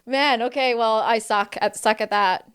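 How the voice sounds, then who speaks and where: A chatty woman in her thirties hosting a podcast. Her voice is smooth and resonant. She talks in a loose, conversational way and often restarts her sentences. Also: fairly high pitch, fairly even intonation, normal speed, fairly bright tone. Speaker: podcast host. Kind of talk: casual conversation.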